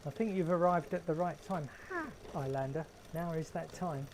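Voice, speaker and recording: A man's voice: a little high, expressive, brisk, few pauses, darkish tone, slight background noise, poor audio. Dry-humoured man with a London accent. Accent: London English. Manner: dry, wry joking. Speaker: livestream host. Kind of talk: casual live-stream chat. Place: garden shed.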